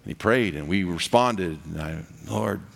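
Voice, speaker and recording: A man's voice: normal speed, gravelly. A man preaching a sermon, swinging from big rising passages to near-whispers. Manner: dynamic preaching, swelling loud and high then dropping to a hush. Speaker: pastor. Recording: reverberant hall.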